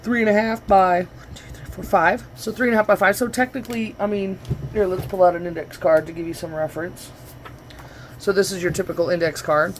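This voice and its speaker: A woman's voice: fairly low pitch, fairly even intonation, brisk, slight background noise. A woman vlogger chatting her way through a crafting demo in her home studio, rambling and correcting herself as she goes, picked up by the camera's own microphone.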